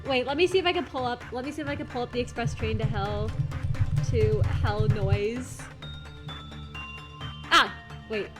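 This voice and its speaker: Gushing high-voiced woman streamer. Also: moderate pace, long pauses, over loud music. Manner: gushing, excitable, thanks chat often. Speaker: VTuber streamer. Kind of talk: casual live-stream chat.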